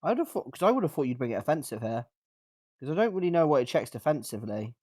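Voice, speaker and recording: A young man co-hosting a podcast, chatting casually about competitive game matches with a slightly rough, coughing voice. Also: a little high, fast talker, no echo, studio quality. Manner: relaxed, chatty, uses fillers like "like" and "uh". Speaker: podcast co-host. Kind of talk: casual gameplay commentary.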